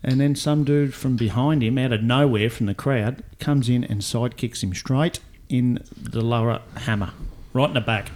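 A man's voice: medium pitch, moderate pace, a little mellow. Man, blunt slangy banter, casual chat, faint hiss and clicks behind. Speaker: podcast co-host.

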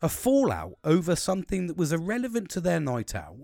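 British man, forties, rambling storyteller with a very lively pitch that swings high and low, constant swearing, dry close recording. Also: brisk, creaky, dry recording. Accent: British English. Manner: rambling, heavy swearing, laughing asides. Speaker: podcast host. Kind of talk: casual storytelling.

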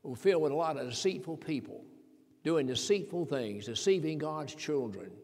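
A man's voice: a little high, lively intonation, moderate pace, a little mellow. Preaching man in a reverberant hall. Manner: repetitive, emphatic preaching with rhetorical questions. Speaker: pastor. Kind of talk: sermon. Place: church sanctuary.

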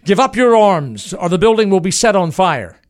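A man's voice: on the high side, expressive, moderate pace, close to an everyday voice. A man voicing a stern male army officer issuing firm ultimatums in a dramatized history narration. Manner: firm, commanding.

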